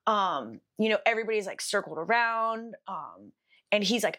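In casual podcast chat, a young woman co-host spins a rambling story stuffed with fillers and profanity. Her mid-range voice is very animated and a bit bright, at a normal speed.

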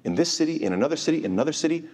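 A man giving an informal religious lecture, animated and asking his listeners rhetorical questions. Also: on the high side, racing. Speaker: Islamic teacher. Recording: long hall reverb.

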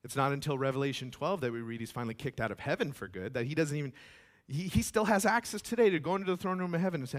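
A man preaching a sermon as pastor, emphatic, acting out quoted voices and swinging between loud declarations and hushed asides. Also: a little high, racing.

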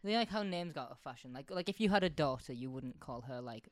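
A man's voice: medium pitch, lively intonation, a little fast. A man co-hosting a podcast in casual chat, joking and teasing his co-host.

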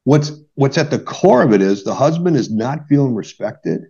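A middle-aged marriage therapist talks through conflict on a podcast, his mid-range voice gravelly and mellow with a breathy edge, expressive and at normal speed. He's earnest, leans on examples, and keeps tacking on "right?" The lo-fi podcast audio sounds dull.

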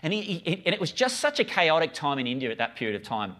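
A man's voice: on the high side, huge pitch swings, quick pace, fairly bright tone. A middle-aged man, preaching a casual, conversational sermon with frequent stammered restarts. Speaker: pastor.

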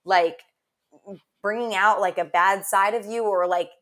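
A woman's voice: mid-range voice, fairly even intonation, a crowd in the background. A young woman co-hosting a podcast in candid casual chat, agreeable and self-deprecating. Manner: agreeable, quick to back up her co-host, self-deprecating. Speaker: podcast co-host.

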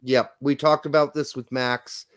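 A man's voice: medium pitch, little pitch movement, a little slow, clean tone, no echo. A man co-hosting a casual livestream chat, talking bluntly with frequent swearing and jokes. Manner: blunt, profane, joking. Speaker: podcast co-host.

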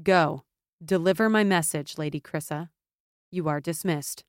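A proud, commanding young noblewoman, as a woman narrator voices her who speaks with firm contempt. Her voice sits low, and the sound is close and dry. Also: a little slow, dry recording.

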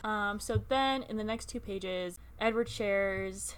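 A young woman co-hosting a podcast, retelling a book's chapters in casual chat with lots of "like" and quick laughs. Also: mid-range voice, clear, resonant tone. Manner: giggly, animated retelling with filler "like". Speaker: podcast co-host. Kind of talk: casual book-club chat.

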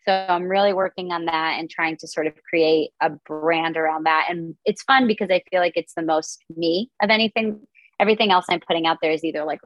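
Guest comedian, woman, casual filler-heavy chat; slight vocal fry, dry close sound. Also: sits low, no room sound, dull audio. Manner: chatty, lots of "like" fillers.

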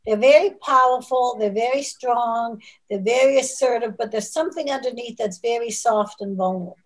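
Author guest, a woman, slightly high voice, measured and reflective. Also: low-quality recording. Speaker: novelist guest. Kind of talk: casual interview chat.

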